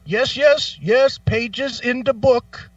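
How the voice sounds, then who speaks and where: Guy doing a super polite confused indian-accent call-center agent, high and bouncy, kinda muffled. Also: slow pace, no room sound, recorded from a distance, heavily acted. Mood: baffled. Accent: Indian, put on. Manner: formal, overly polite, repeats phrases.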